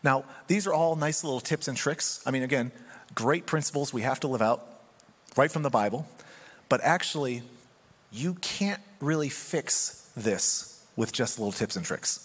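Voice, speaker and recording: A man giving a sermon as pastor, talking in a conversational, animated way. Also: mid-range voice, normal speed, husky, in a large hall.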